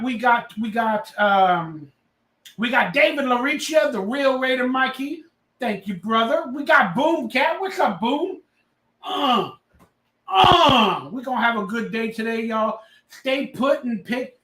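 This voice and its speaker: A man hosting a casual livestream, loud and rambling, a little tipsy as he reads out chat messages. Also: very high-pitched, expressive, unhurried, roomy sound. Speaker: livestream host.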